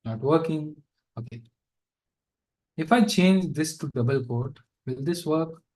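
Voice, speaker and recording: Man, coding instructor, fairly high voice, unhurried, chatty with asides. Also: darkish tone, rough recording. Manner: casual, thinks aloud with fillers and asides. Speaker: programming instructor. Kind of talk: live coding lesson.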